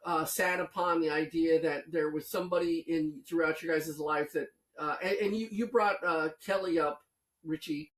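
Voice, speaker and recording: A man's voice: fairly high pitch, steady tone, reverberant. A man co-hosting a podcast, stumbling through false starts as he asks a question. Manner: halting, many false starts. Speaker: podcast co-host. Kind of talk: casual chat.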